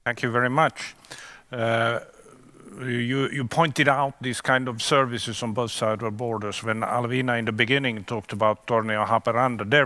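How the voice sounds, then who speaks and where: A man moderates a panel discussion, framing pointed questions and pausing to correct his own figures. His voice is bright and forward, and the sound is close and dry. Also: mid-range voice, dry recording. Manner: probing questions, self-correcting.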